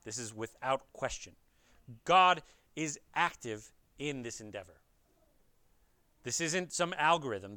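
Here a man delivers an earnest expository sermon in a mid-range voice with a sharp edge, recorded with no echo. He talks directly to those listening and leans on rhetorical questions to make his case.

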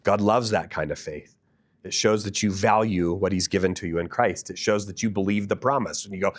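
Low-voiced man preaching a sermon. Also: fairly quick. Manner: earnest, asks the listeners direct questions. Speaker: pastor.

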